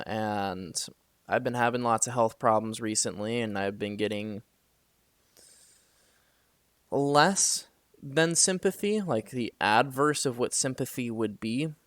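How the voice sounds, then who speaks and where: Young man, casual vlog storytelling, smooth clear voice, dry close sound, rambling and swearing. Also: medium pitch, no room sound. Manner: rambling, frequent fillers, swears when venting. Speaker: vlogger. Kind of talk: casual late-night storytelling to camera. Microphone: camera.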